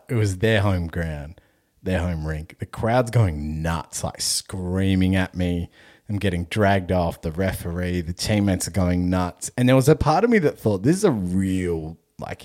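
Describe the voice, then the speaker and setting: Deep-voiced Australian man telling stories. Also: expressive, measured pace, darkish tone. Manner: swears freely, laughs through his story. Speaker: podcast host. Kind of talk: casual storytelling chat.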